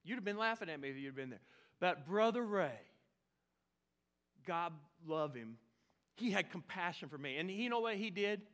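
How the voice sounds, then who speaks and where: Forties pastor, high bright voice, chatty self-mocking sermon storyteller. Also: male voice, animated, moderate pace, long pauses. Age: 40s. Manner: humorous, self-deprecating, chatty with congregation. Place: church sanctuary.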